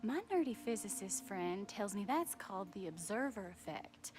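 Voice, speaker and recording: A woman's voice: medium pitch, expressive, normal speed, a little mellow, lightly acted. An actress voicing an aloof, theatrical young woman stranger with an affected, odd-accented delivery, in video game dialogue. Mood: mannered.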